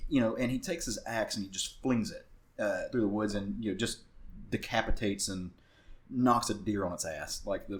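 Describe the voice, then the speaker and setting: A man with a Southern US accent co-hosting a podcast, recapping a comic book in a rambling casual way with many fillers and restarts. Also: on the low side. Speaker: podcast co-host.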